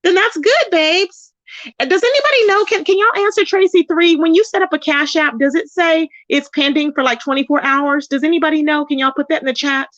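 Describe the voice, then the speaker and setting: A woman's voice: high-pitched, fairly quick, a bit bright, no room sound, lo-fi sound. A woman hosting a casual livestream, talking to viewers and reading their comments aloud. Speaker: livestream host.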